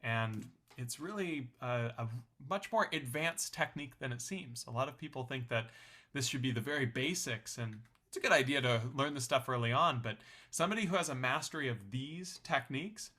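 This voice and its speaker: A man's voice: medium pitch, normal speed, sharp tone. A young man teaching a ukulele lesson in a friendly, explanatory way, counting beats aloud. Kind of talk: online music lesson.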